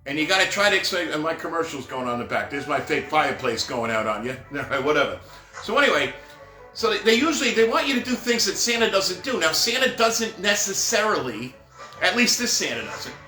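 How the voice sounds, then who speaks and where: Animated storytelling man, high and lively. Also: a little fast. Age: middle-aged. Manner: rambling, animated, full of asides like "right?" and "whatever". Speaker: professional Santa performer telling stories. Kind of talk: casual storytelling monologue. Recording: roomy echo with faint music behind.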